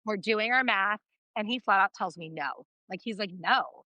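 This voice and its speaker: Bright-voiced woman telling lively stories. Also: medium pitch, moderate pace, no room sound, lo-fi sound. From California. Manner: animated storyteller, acting out quotes. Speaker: podcast guest. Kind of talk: casual podcast chat.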